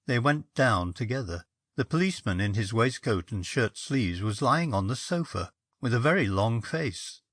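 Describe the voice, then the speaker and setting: Guy reading a ghost story, measured, lively pitch, totally dry close mic. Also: slightly rough, dry recording. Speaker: story reader. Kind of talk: audiobook narration of a ghost story.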